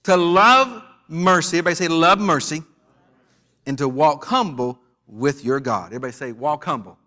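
A man's voice: fairly high pitch, normal speed, pushed and bright. An American man preaching a sermon in church, leading call-and-response with the congregation and joking with its members. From United States. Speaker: pastor.

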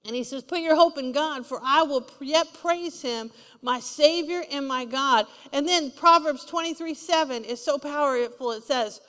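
A woman's voice: sits high, normal speed, few pauses, fairly bright tone, big-room sound. A woman preaching a sermon, emphatic and repetitive, asking the congregation for responses. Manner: emphatic, repeats key lines, asks the congregation for responses.

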